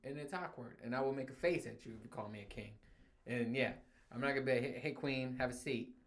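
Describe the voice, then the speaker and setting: Young man, podcast host, casual solo rant, profane, animated, laughing often, mid-pitched voice. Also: quick pace.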